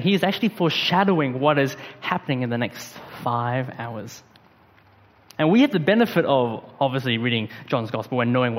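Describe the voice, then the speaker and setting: A man delivers a sermon in a loose, conversational manner, dropping slang and fillers as he talks. His voice sits a little high for a man. The sound rings out with a long reverb, as in a large hall. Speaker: preacher. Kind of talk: casual sermon.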